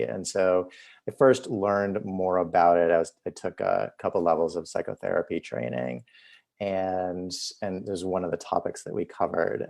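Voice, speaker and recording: Gravelly-voiced man, chatty physician. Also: sits low, darkish tone. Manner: chatty, many "like" fillers. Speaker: physician and host. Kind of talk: casual conversational storytelling.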